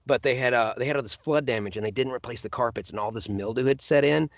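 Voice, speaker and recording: A man's voice: mid-range voice, quick pace, no echo, dull audio. A man, a voice actor guest, telling stories in casual chat and slipping into other voices as he goes. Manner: animated, slips into voices and laughs while telling stories.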